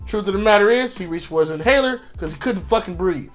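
High-pitched man, heated podcast co-host, talks fast and swears, faint music behind. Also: lively intonation. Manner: impassioned, acts out quotes of police and victims; profane, repeats words when restarting. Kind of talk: casual discussion.

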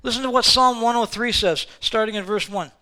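A pastor delivering a sermon, swinging between quiet, reflective passages and loud, fervent exhortation to the congregation. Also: male voice, extremely high pitch, brisk, clean tone.

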